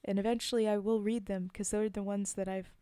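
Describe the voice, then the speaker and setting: A woman's voice: medium pitch, little pitch movement, a little fast, dark tone, smooth, no echo. A woman streamer chatting casually between poem readings, giggling and filling gaps with ums. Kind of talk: casual chat between poems.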